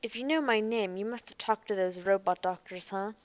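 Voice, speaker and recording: A woman voicing a defensive, boastful young man in a robot body who is quick to shout. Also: mid-range voice, no echo, close to an everyday voice. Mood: agitated.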